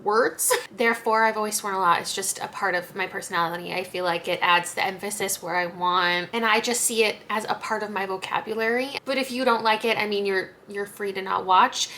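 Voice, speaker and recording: A woman's voice: medium pitch, moderate pace, pushed and bright, slight background noise. A young woman talking casually to camera as a book vlogger, frank and chatty, with light laughs and fillers.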